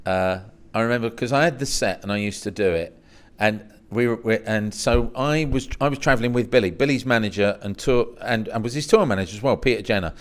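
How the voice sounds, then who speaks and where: A middle-aged English man telling lively anecdotes as a podcast guest, jumping high in pitch when he quotes himself. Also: a little fast, few pauses. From England. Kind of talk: storytelling in a casual interview.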